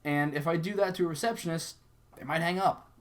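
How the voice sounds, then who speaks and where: A man's voice: a little high, a little fast. Young adult man, conversational sales coach, acts out sample lines mid-explanation. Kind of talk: casual instructional talk.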